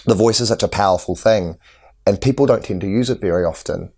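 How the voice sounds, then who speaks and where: A man with a fairly low voice answers interview questions as an acting tutor. He explains his methods earnestly, often restarting his sentences as he goes. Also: fast, warm tone, breathy edge. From New Zealand.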